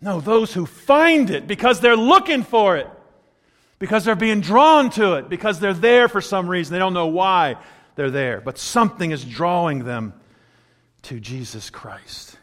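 A pastor preaching a sermon, animated and chuckling between points as he acts out quotes. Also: high voice, a little slow. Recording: long hall reverb.

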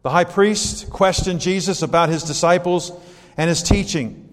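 A male preacher reads scripture and muses on it in a conversational, questioning way, pausing to correct himself. His voice sits a little high. It carries a long reverb from the church sanctuary. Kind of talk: sermon with scripture reading.

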